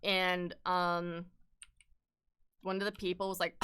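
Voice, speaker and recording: A woman's voice: fairly low pitch, little pitch movement, slow, pushed and bright, clear, resonant tone. A young adult woman streaming while she sketches, chatting and ranting bluntly with lots of swearing and "like". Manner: peppered with "like". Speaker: art streamer. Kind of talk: casual chat while sketching.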